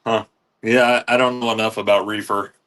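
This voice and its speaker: A man's voice: lowish voice, level tone, fairly quick, fairly bright tone. A man who dispatches freight, chatting casually with short agreeing replies and hesitant restarts. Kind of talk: casual chat.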